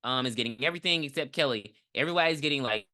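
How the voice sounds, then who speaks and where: Swearing, animated podcast co-host with a bright voice. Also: mid-range voice, rapid-fire. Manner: profane, animated storyteller, mimics characters. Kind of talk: casual movie review chat.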